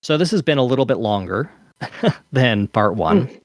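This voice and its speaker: A man's voice: medium pitch, big pitch swings, normal speed, no room sound. A man hosts a casual podcast in an earnest voice that rises and falls a lot. His sound is dry and close, with no room around it. He often restarts his sentences as he talks. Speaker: podcast host.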